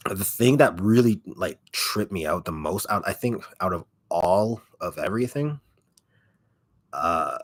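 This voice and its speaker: A man with a deep, raspy voice, telling a rambling story full of fillers and swearing as an ASMR YouTuber chatting casually on a livestream. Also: expressive, measured pace, no room sound, studio quality.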